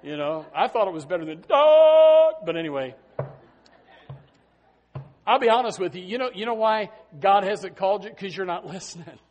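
Middle-aged male pastor with a high-pitched voice, preaching with sudden loud peaks and quiet drops. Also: brisk, pauses often, muffled recording. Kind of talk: sermon.

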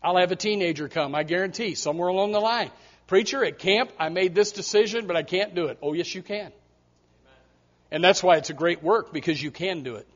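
High-voiced preaching man, dull lo-fi sound. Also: a little fast. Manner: emphatic preaching that swings from soft asides to loud repeated appeals. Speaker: pastor. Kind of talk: sermon.

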